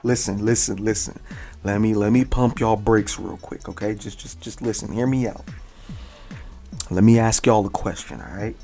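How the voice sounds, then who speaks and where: Slangy, animated young male gaming host. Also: on the low side, moderate pace, creaky, faint music behind. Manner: slangy, lively, restarts and repeats words for emphasis. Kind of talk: casual enthusiastic storytelling to camera.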